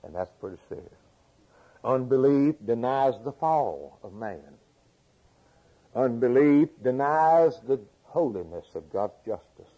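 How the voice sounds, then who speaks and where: A man's voice: mid-range voice, animated, takes it slowly, mellow, low-quality recording. A man preaching a sermon, asking rhetorical questions and repeating phrases for emphasis.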